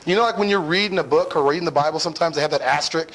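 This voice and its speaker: A young man telling a personal story to an audience in a playful, animated way, acting out his own lines and often checking in with "right?". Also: on the high side, very fast, poor audio. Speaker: speaker telling a personal lesson.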